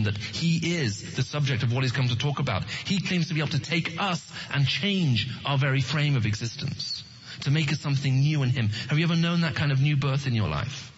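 A man's voice: on the high side, breathy edge, highs cut off. A man giving an earnest evangelistic talk to an audience, often asking them questions. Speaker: Christian apologetics speaker.

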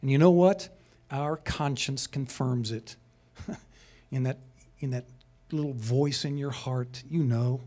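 A man's voice: mid-range voice, takes it slowly, long pauses, warm tone. A man teaching a sermon-style lesson, conversational and passionate, rising to emphatic peaks. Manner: conversational asides, chuckles.

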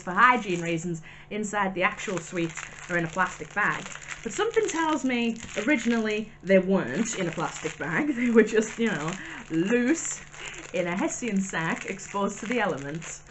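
A woman talks through a pile of snacks in a casual vlog, chatty and wry, dropping dry little asides as she goes. Her voice sits at an ordinary middle pitch, and a faint hiss runs under the recording. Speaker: vlogger.

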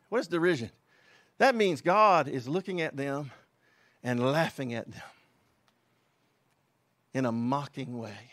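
A man preaching a fiery, emphatic sermon as a pastor and quoting scripture forcefully. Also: on the high side, animated, measured pace, pauses often, no echo.

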